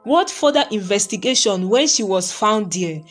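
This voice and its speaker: A woman's voice: mid-range voice, expressive, normal speed, faint music behind, lightly acted. Woman doing a scheming, indignant rich woman. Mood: insistent. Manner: indignant, theatrical. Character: scheming, manipulative wealthy young woman.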